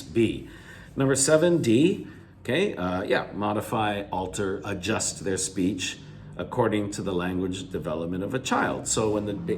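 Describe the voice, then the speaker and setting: A man with a fairly low voice goes through a reading passage in a video lecture. He restates each hard word with plain synonyms and says things twice. He lifts his pitch on examples, and his phrase ends fall off quietly. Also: slight background noise. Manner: restates key words with simple synonyms, often repeating himself. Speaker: English teacher. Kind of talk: video lecture going over reading answers.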